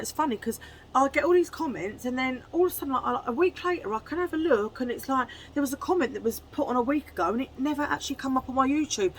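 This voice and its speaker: A woman chatting casually to camera at home in a chummy way, full of quick asides. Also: sits high, a bit bright, slight background noise, low-quality recording. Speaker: haul vlogger.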